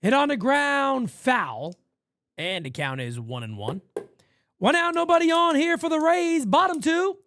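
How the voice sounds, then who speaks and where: A man from New York hosting a live fan play-by-play stream, blunt and profane, swinging from loud calls to low asides. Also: big pitch swings, unhurried, no room sound. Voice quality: profane, blunt street talk.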